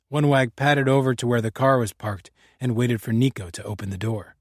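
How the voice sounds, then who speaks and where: Dry measured male audiobook narrator. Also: medium pitch, no echo. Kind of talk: scripted narration.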